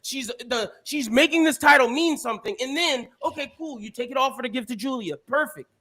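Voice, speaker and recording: A young man in a casual podcast chat, his voice pitched very high and strikingly bright. He rants with animated frustration and swears freely. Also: fairly quick. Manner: animated ranting, heavy swearing. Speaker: podcast co-host.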